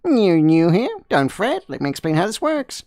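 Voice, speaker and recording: A woman's voice: on the low side, very animated, normal speed, dark tone, dry recording. A woman voicing a male magical cat, a mysterious wizard bartender who talks in a teasing, theatrical way.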